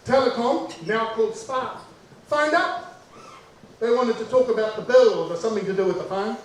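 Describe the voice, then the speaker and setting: A man with a New Zealand accent doing stand-up storytelling, animated and acting out the people in his story. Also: very high voice, normal speed. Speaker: comedian. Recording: echoey distant stage recording with faint noise.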